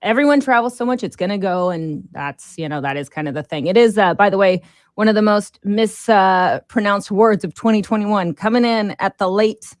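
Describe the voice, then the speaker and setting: A woman's voice: medium pitch, normal speed, no room sound. A woman from the US hosting a casual chat, talking in a playful, rambling way. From United States.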